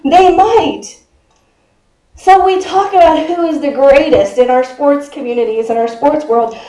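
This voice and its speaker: Woman, 50s, pastor, chatty conversational sermon, high mellow voice, echoey church sanctuary. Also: measured pace. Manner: chatty, quizzes the congregation, laughs often.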